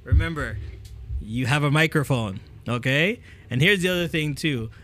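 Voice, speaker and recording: A man's voice: a little high, moderate pace, a little hiss or hum. A man hosting a talk, giving casual speaking tips into a handheld microphone and often checking in with "okay?". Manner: energetic, repeats "okay?" to check in; demonstrates with the mic, moving it near and away. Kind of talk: casual coaching talk to camera.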